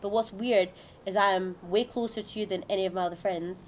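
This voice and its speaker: A pregnant woman, hosting a casual chat and talking quickly, laughing often and asking "do you know what I mean". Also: medium pitch, steady tone, slight background noise, low-quality recording. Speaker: channel host.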